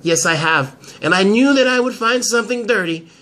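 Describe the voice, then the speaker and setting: A man playing a sharp, threatening woman lawyer. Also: high-pitched, expressive, a little fast. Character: sharp, confident woman lawyer, cornering a blackmail target. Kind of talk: amateur soap drama.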